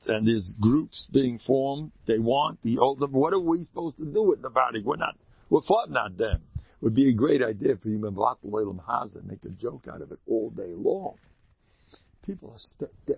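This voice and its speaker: A man speaking as a rabbi, telling stories in a lively Torah talk and acting out characters with sudden loud outbursts. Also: normal speed, vocal fry, breathy edge, no echo, muffled recording. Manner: animated, acts out characters with sudden high shouts.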